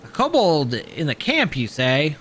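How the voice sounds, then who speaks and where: A man voicing a formal, earnest young male scholar who speaks in measured terms. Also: a little high, huge pitch swings, a bit bright, slight background noise, heavily acted.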